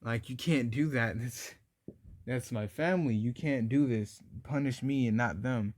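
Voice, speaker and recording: A man's voice: medium pitch, a little slow, darkish tone, no room sound, natural voice. A man doing a desperate young woman pleading. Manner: pleading, insistent. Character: desperate young woman begging for her family.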